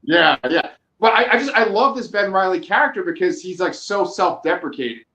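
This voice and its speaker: Talking fairly quickly in a high-pitched voice, this male podcast co-host keeps the conversation loose and casual. He tells stories with lots of profanity and humor, and the room he's in has a noticeable echo.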